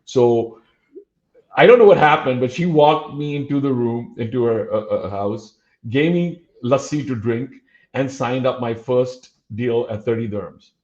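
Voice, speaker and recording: A man in his fifties from Dubai, a podcast guest recounting a story at his own mid-height pitch. He slips into the voices of the people he quotes and pauses often on fillers. The recording sounds a little dull and lo-fi. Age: 50s. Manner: animated, acts out quoted dialogue, frequent uh fillers. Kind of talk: storytelling in a casual interview.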